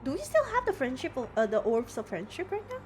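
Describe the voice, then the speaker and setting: A woman's voice: high-pitched, huge pitch swings, quick pace, darkish tone. A woman playing a tabletop game, playful and giggly. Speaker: player. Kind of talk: casual tabletop game chat.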